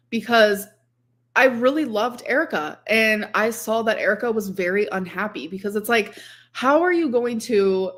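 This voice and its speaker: A woman talking casually on a livestream, rambling with lots of filler words. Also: medium pitch.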